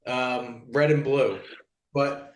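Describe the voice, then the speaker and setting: A man's voice: medium pitch, steady tone, slow pace, roomy sound. A man co-hosting a podcast who tells stories in a rambling way, with lots of fillers and swearing. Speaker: podcast co-host. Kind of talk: casual chat, storytelling.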